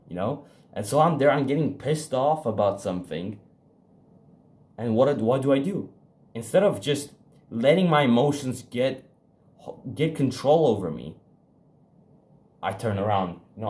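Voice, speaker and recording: A young man's lowish, slightly mellow voice carries a casual motivational talk aimed at the camera, in the style of a self-improvement vlogger. His delivery is emphatic, rambling, and profane, with frequent fillers and restarts, and his pace quickens and slows for stress.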